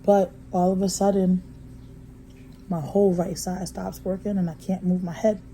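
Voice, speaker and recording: A woman talking straight to camera in a casual vlog. Her voice is very dark and mellow. She is blunt and swears a lot, dropping to a hush and then rising to heat, over a faint hiss of background noise. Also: on the low side, flat delivery, moderate pace, low-quality recording. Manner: blunt and profane, swings from hushed to heated. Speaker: vlogger. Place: motel room.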